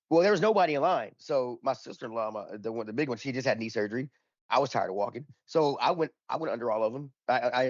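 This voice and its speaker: A man's voice: mid-range voice, dry recording, dull audio. A man in casual podcast chat, telling a rambling, profane anecdote and acting out the dialogue in it. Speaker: podcast panelist.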